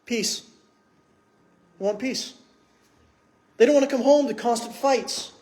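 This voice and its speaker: A man's voice: very high voice, measured pace, a little mellow. A man preaching a sermon in church, conversational, with many rhetorical questions. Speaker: pastor.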